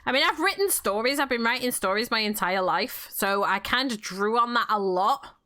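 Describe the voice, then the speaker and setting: A woman's voice: a little high, animated, normal speed, pushed and bright. A woman from near Manchester with a Northern English accent, chatting casually while playing a game, swearing freely and often restarting her sentences. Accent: Northern English, Manchester area. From England, near Manchester. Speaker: game streamer and role-player.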